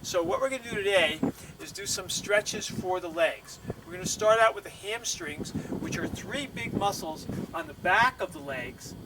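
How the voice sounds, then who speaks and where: A man guiding a stretching routine step by step, calm and instructive, a little out of breath. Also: high-pitched, distant mic, very noisy. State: slightly out of breath. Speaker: bodywork instructor.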